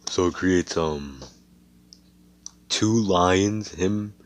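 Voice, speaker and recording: A man's voice: low voice, drawn-out words, slight background noise. A young man improvising a fan fiction story in a rambling, profane, slangy way.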